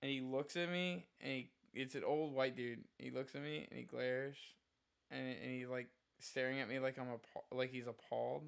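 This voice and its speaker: A man's voice: medium pitch, fairly even intonation, normal speed, vocal fry, clean tone. A male live streamer telling a rambling, profane story in casual chat, full of "like" fillers.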